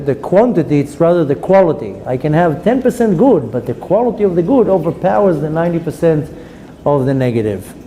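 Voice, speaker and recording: A man's voice: on the high side, warm tone. A man teaching a Torah class as a rabbi, emphatic, with frequent repetitions and hesitations. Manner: emphatic, repeats phrases with hesitations. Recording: long hall reverb, faint noise.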